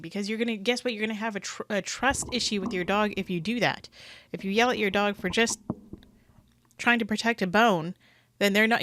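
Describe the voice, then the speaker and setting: A woman's voice: mid-range voice, a bit bright, no echo. A woman giving casual, earnest commentary on dog-training clips, speaking critically and often restarting her sentences.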